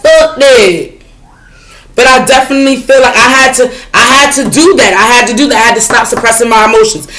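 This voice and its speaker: A woman's voice: fairly high pitch, fairly even intonation, fast talker, hardly any pauses, sharp tone. A woman tarot reader in casual spiritual talk to her viewers, frank and chatty, swearing freely and often asking if you follow her. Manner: chatty, frank, swears freely, asks "you know what I'm saying?".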